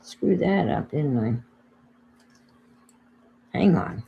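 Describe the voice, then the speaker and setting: A woman's voice: on the low side, lively intonation, slow pace, a little mellow, slight background noise. An older woman with a New York accent, chatting casually to viewers on her crafting livestream while she works. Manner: chatty, thinks aloud while working, greets viewers.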